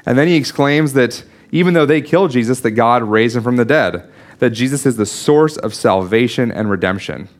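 A man delivering a sermon in an earnest, teaching way, walking listeners through a Bible passage. He pauses to restart his sentences and adds small asides. His voice sits at an ordinary middle pitch for a man. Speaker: pastor.

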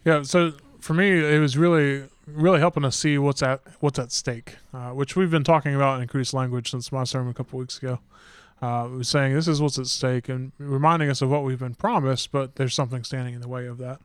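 A man's voice: mid-range voice, a little fast, clear, resonant tone, dry recording. A man, a pastor hosting a casual podcast chat who laughs easily. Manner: relaxed, chatty, laughs easily.

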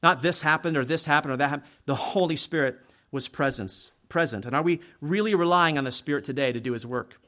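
A man's voice: on the high side, a little fast, bright, forceful tone. A middle-aged man preaching a sermon as a pastor, talking conversationally and often checking in with "right?". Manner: conversational, frequent "right?" tag questions.

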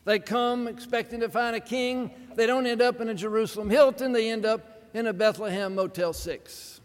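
A man delivers a sermon in a high, lively voice that leans into drama and wry humor. Long reverb from a large church hall trails after each phrase. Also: normal speed. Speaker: preacher.

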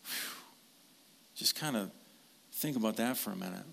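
A man preaching a sermon in a relaxed, conversational way, tossing in asides and questions to his listeners. His voice has a bright, forceful edge. He keeps the delivery animated and direct. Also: fairly low pitch, moderate pace, creaky, slightly rough. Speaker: pastor.

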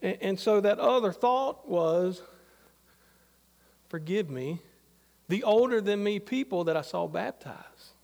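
A man's voice: high voice, animated, slow, creaky, long pauses, a little mellow, long reverb tail. A middle-aged man preaching a sermon, talking in a conversational, anecdotal way full of asides. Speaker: pastor.

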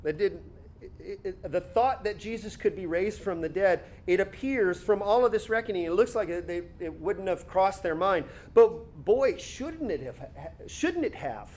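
A man preaching an expository sermon, reading scripture aloud and then explaining it in a conversational way, slowing down to stress key words. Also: high voice. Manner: slows down and stretches words for emphasis.

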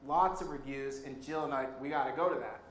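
A man preaching a sermon, telling a travel story in a conversational, animated way with occasional laughs. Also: mid-range voice, fairly quick. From Colorado. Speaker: pastor. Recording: roomy hall sound with faint background noise.

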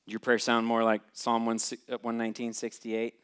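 Guy preaching a sermon, mid pitch, chatty, keeps asking the crowd questions. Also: completely flat delivery, brisk, hardly any pauses, clean tone. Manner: conversational, questioning the listeners directly.

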